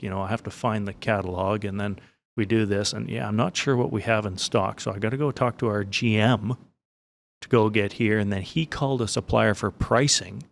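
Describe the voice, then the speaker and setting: A man with a low voice and a gravelly edge co-hosts a business podcast. He tells stories in a joking, loose way and often restarts his sentences. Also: fairly even intonation, brisk, slight background noise. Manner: storytelling, joking, many restarts. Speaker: podcast co-host. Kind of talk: casual business chat.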